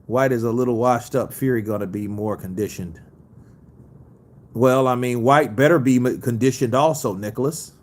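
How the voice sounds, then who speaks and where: A man's voice: medium pitch, normal speed. A man hosting a casual boxing livestream, reading viewer comments in a loose, profane way and laughing easily. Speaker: boxing news host.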